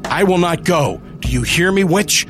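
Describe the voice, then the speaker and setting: A man's voice: on the high side, a little fast, music in the background, voice pushed up, lightly acted. A man voicing an arrogant rich heir who is now panicked, pleading in a quavering voice.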